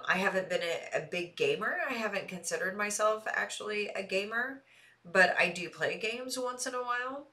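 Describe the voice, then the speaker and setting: A woman with a somewhat low voice and a Midwestern accent softened by a light Texas twang, chatting with her stream audience. She talks in a loose, animated way and laughs easily between thoughts. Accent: Midwestern with a light Texas Southern twang. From American Midwest. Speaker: streamer answering chat. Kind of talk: casual live-stream chat.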